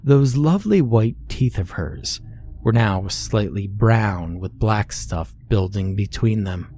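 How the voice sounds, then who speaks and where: A man narrating a scary story in a steady, measured way. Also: on the low side, faint music behind. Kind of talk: scripted horror story narration.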